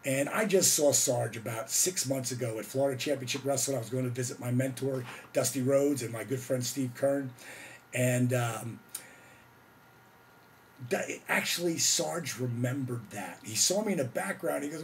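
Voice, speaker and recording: An excitable middle-aged man with a gravelly, fry-laden voice tells a story in a loose, casual way. He whoops, gets loud and acts out what people said. A faint hiss sits under the recording. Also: medium pitch, moderate pace. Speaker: host telling a story.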